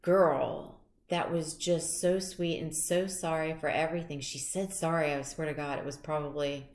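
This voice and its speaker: Low-pitched and darkish, this tarot reader's voice carries some room sound. She talks in a rambling, chatty monologue during her reading, sharing stories from her own life.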